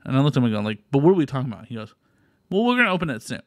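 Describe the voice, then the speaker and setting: A man from Texas tells a story on a podcast in relaxed, profane chat, acting out the voices of the people he quotes. His pitch swings widely as he talks. The recording is close and dry, with no room sound. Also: racing, no echo. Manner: swearing, lively retelling with quoted voices. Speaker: podcast co-host. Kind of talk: casual chat, animated storytelling.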